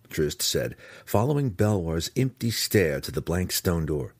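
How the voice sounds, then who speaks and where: A man narrating a fantasy novel as an audiobook, in a measured, expressive storytelling manner. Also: extremely low pitch, breathy edge, dry recording.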